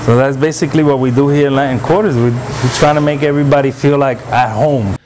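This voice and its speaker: A man's voice: mid-range voice, fairly even intonation, quick pace, background noise. A man who cooks at a restaurant, walking through a dish step by step in a casual way and often checking in with "right?". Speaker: restaurant cook. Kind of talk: casual kitchen demonstration. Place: restaurant kitchen.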